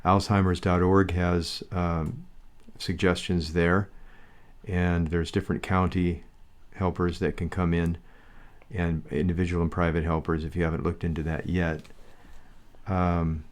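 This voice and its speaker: An older man co-hosting a candid podcast, talking in a steady, thoughtful, plain-spoken way. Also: sits low, a little slow. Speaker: podcast co-host, husband.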